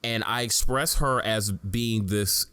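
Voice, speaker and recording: A man's voice: on the low side, slow, sharp tone, clean tone, no echo, studio quality. A young man co-hosting a casual podcast, talking frankly in a rambling way and often correcting himself mid-sentence. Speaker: podcast co-host.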